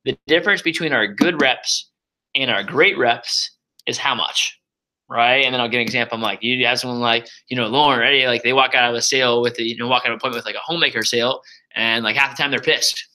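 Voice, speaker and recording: A young man walks sales reps through a training deck in loose, casual talk. He speaks fast with a bright, forceful tone and loud energy, tossing in "like" and "um" constantly. His pitch sits in the middle for a man. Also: low-quality recording. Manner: energetic and loud, says so himself, many fillers. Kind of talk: casual coaching walkthrough.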